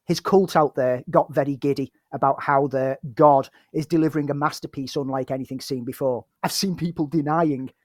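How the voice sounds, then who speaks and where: A man's voice: a little high, fairly even intonation, fairly quick, hardly any pauses, no room sound, studio quality. A man co-hosting a film podcast, wry and sarcastic, laughing often in casual chat. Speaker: podcast co-host.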